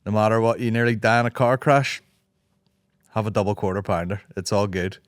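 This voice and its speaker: A man's voice: fairly low pitch, brisk, clean tone, no room sound, studio quality. A man in his thirties with a Northern Irish accent, hosting a solo comedy podcast, rambling and swearing freely while acting out other people's voices, his throat sore. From Northern Ireland. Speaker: podcast host.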